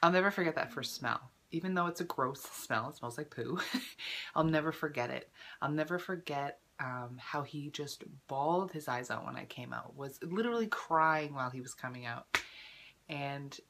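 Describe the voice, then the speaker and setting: A young woman in her twenties vlogging casually, chatty and full of fillers, emotional at times, clearing her throat from a lingering cough. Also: sits low, normal speed, fairly bright tone, slight background noise. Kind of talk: casual personal vlog.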